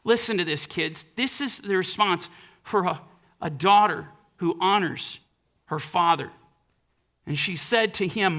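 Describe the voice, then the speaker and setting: A man's voice: sits high, a little slow, bright, forceful tone. A male preacher giving a sermon in an earnest, emphatic way, often reading scripture aloud.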